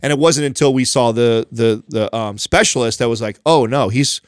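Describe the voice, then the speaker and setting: A man's voice: mid-range voice, a little fast, smooth, no echo, clean studio sound. A man in his thirties hosting a podcast, telling a story in a rambling way with many restarts and casual swearing. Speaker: podcast host.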